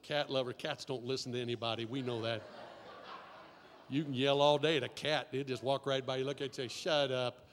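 A man preaching a sermon as pastor, telling a story and then building to shouted repetitions and call-and-response with the congregation. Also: mid-range voice, fairly even intonation, fairly quick. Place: church sanctuary. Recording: long reverb of a large hall.

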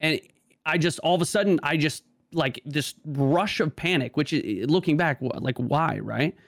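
A man's voice: on the high side, moderate pace, gravelly, dry recording. A man talking casually as a podcast guest, stammering and restarting often, with many "like" fillers. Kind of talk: casual conversation.

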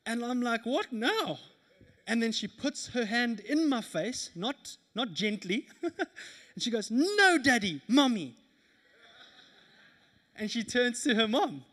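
A man in his thirties preaching a sermon at a church service, telling stories in an animated way with laughter. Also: sits high. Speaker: pastor.

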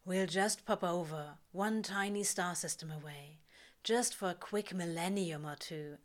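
A woman voicing a laid-back male demon in a low, dry, quietly coaxing voice. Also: close to an everyday voice.

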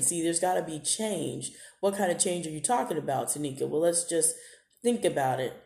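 Female podcast host, low warm voice, roomy echo, earnest and fired up. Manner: impassioned, rising into rhetorical questions. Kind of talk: live podcast monologue. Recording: echoey room.

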